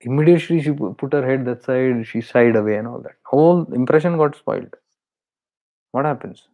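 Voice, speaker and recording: A man's voice: medium pitch, fairly quick, mellow. A man with an Indian accent, a spiritual teacher explaining awareness in an earnest, repetitive way. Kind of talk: spiritual talk.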